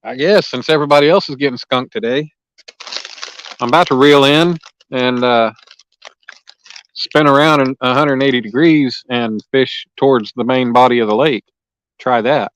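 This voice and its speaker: A man's voice: mid-range voice, moderate pace, long pauses, poor audio. A man, hosting a fishing livestream outdoors and chatting casually and folksily with viewers by name. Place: lakeside outdoors.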